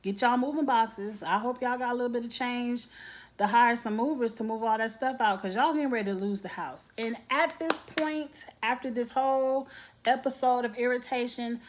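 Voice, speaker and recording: A woman's voice: fairly high pitch, moderate pace, slight background noise. A woman giving a casual, blunt TV episode recap, acting out characters' lines with lots of slang. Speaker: TV recap vlogger.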